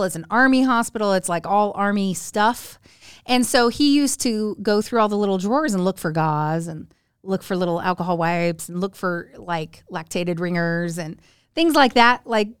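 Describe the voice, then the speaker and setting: In a relaxed chat, this podcast guest, a woman in her forties, shares family stories and acts out the people she quotes with dramatic vocal leaps. She speaks at a medium pitch with a clean tone, in a dry, studio-quality recording.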